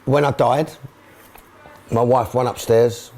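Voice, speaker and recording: A man's voice: mid-range voice, fairly even intonation, takes it slowly, darkish tone. A middle-aged man from England, a football club owner and manager, speaking emotionally and repeating himself in a candid documentary interview.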